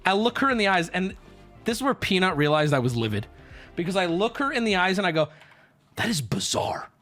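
A man's voice: sits high, very animated, quick pace, a bit bright, faint music behind. A man streaming, telling a story to his chat in an indignant, profane rant. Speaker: livestreamer.

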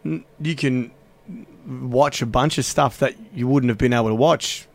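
A man's voice: medium pitch, moderate pace, creaky. A young Australian man hosting a podcast, laid-back and jokey, chatting casually and laughing often. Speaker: podcast host. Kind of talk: casual podcast outro and chat.

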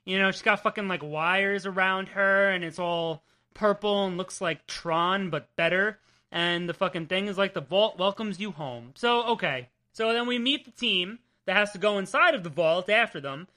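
Young jersey guy talking comics on a podcast, bright voice, teasing, swears a lot. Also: sits high, moderate pace. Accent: New Jersey. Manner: animated, swears freely, teasing. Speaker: comic book podcast co-host. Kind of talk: casual chat.

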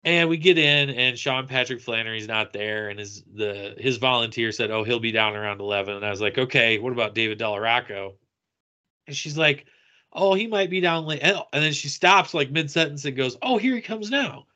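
A man's voice: mid-range voice, fairly quick, clear, resonant tone, lo-fi sound. A man on a podcast telling a convention story in casual chat, acting out what people said. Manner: animated, acts out quoted lines. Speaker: podcast co-host.

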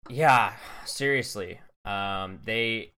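A man's voice: fairly low pitch, extremely slow, bright, forceful tone, clean tone. A man co-hosting a podcast, chatting casually with a wry, joking manner. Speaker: podcast co-host. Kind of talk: casual chat.

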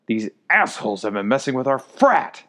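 A man's voice: medium pitch, sing-song, normal speed, pushed and bright. Give me a man acting as a worn-out young fraternity leader with a strained, growly voice. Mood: relieved.

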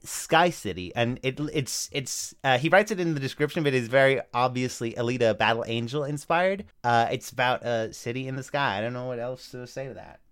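A man's voice: mid-range voice, fairly quick, few pauses, fairly bright tone, clear, resonant tone. A man co-hosting a casual podcast, rambling through picks with restarts and chuckles. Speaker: podcast co-host. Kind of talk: casual chat reviewing front-page submissions.

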